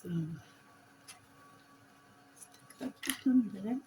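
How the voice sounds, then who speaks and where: A woman's voice: on the high side, takes it slowly, background noise. A woman, chatting casually and giggling at herself while crafting on her vlog. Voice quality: giggly, self-deprecating, chatty. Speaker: vlogger host.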